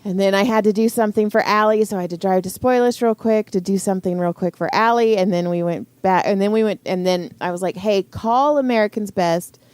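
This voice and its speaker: A woman's voice: medium pitch, a little fast, hardly any pauses, darkish tone, smooth, no room sound. A middle-aged woman, co-hosting a podcast and telling a story in casual chat, acting out quotes and swearing freely. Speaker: podcast co-host.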